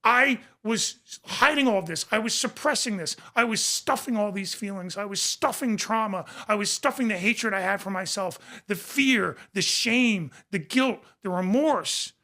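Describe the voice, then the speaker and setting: A man's voice: high voice, normal speed, few pauses, bright, forceful tone. A man speaking as a podcast guest and recovery coach, in passionate conversation, emphatic and repeating phrases for emphasis.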